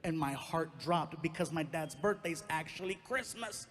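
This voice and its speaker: A man's voice: moderate pace, faint music behind. A middle-aged man doing stand-up storytelling on a comedy club stage, acting out the voices of people in his story. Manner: animated, acts out quotes with big pitch jumps.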